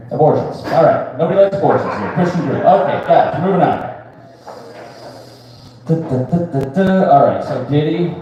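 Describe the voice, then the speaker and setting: Crude rambling comic in an echoey room. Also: male voice, mid-range voice, warm tone. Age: 30s. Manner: crude, rambling, keeps asking "right?". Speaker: stand-up comedian. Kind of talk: live stand-up set. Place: live comedy venue with a crowd. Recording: echoey room picked up from far off.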